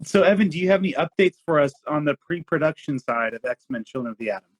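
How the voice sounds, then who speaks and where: Enthusiastic male host, a touch higher pitched. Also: lively intonation, quick pace, husky, poor audio. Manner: upbeat, enthusiastic. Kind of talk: casual online show hosting.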